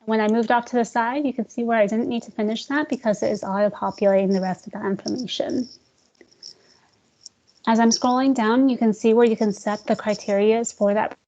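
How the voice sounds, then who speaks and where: Demoing real estate software over screen share, a chatty female trainer keeps it friendly, calling the agents "guys" and cracking jokes about the sluggish screen. She speaks a bit high with fairly even intonation, and the recording has the dull, lo-fi quality of a web call.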